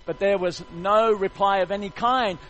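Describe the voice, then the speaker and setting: A man preaching a sermon, retelling a story in an animated, jokey way. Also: sits high, moderate pace, rough recording.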